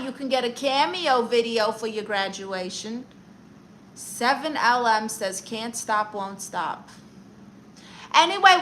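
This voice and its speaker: Casting: woman doing a vain, sassy self-styled therapist aunt for a comedy livestream. Bright, forceful tone and quick, boastful comebacks. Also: on the high side, a little hiss or hum, rough recording. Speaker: livestream comedian reading chat. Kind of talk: in-character livestream chat.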